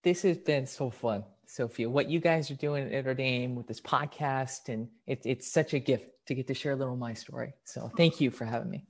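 Young man, podcast guest; lively, enthusiastic storyteller with sudden bursts of energy. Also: medium pitch. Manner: animated, excited storytelling with quick bursts. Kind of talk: storytelling in casual conversation.

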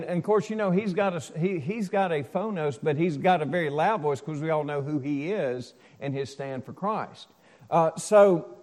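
A male pastor giving a sermon in a casual, storytelling way, moving between loud proclaiming and soft asides. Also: high voice, big-room sound. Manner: conversational preaching with asides and stories, swings loud and soft.

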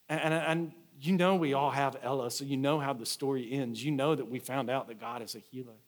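A man, a lead pastor, preaching a sermon in a conversational storytelling way, often restarting his phrases. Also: medium pitch.

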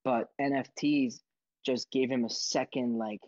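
A man hosting audio rooms, telling stories in a rambling, excitable way and acting out sounds. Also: mid-range voice, measured pace, dry recording. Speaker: host of social audio rooms. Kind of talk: casual storytelling answer. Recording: dull, dry audio.

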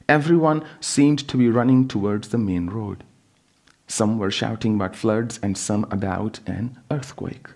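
Low-voiced man reading a story calmly. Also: husky. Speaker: spiritual teacher and author. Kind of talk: reading his own book aloud.

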